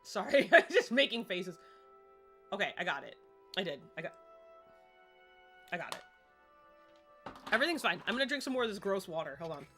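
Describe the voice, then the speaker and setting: A woman streaming a game live, chatting excitedly and rambling to herself as she plays. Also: medium pitch, moderate pace, pauses often, faint music behind.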